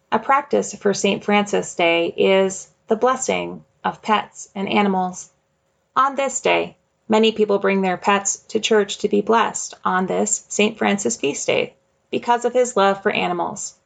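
A woman hosting a faith podcast, reading her script in a measured, gentle way. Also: mid-range voice, creaky. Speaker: podcast host.

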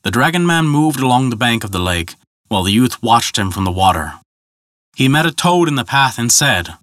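A man narrating a folk tale in a measured, scripted storytelling style. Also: mid-range voice, very animated, a bit bright, no echo, clean studio sound.

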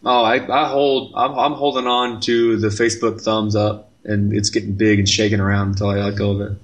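A man's voice: lowish voice, level tone, a little fast. A man co-hosting a podcast, teasing and wisecracking in casual banter. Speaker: podcast co-host.

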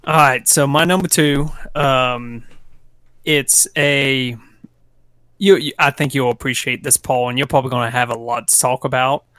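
A man guesting on a podcast, chatting in a relaxed, thoughtful way. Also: medium pitch, normal speed, clear, resonant tone, no echo, studio quality. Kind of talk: casual chat.

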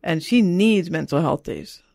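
A woman's voice: lowish voice, animated, unhurried, vocal fry, darkish tone, no room sound. Chatty middle-aged mother, dry sound. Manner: rambling, frequent "you know" and "right?". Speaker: author and parent. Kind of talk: casual interview conversation.

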